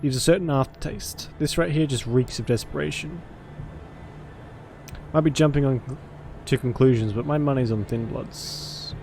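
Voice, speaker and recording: A man's voice: mid-range voice, normal speed, a little mellow, faint music behind, lightly acted. A man voicing a cynical, streetwise male vampire detective with a gritty, hard-boiled drawl. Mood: gruff. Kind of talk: visual novel voice acting.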